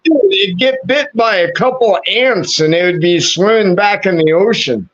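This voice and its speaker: A man's voice: high voice, normal speed, fairly bright tone, lo-fi sound. A man in casual chat, crude and joking, swearing heavily. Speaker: podcast co-host. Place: at home.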